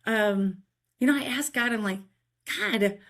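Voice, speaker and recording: Middle-aged woman, guest in a casual interview, animated storyteller, slightly high voice. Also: normal speed. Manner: animated, chatty, keeps asking "right?". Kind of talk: casual faith-filled storytelling.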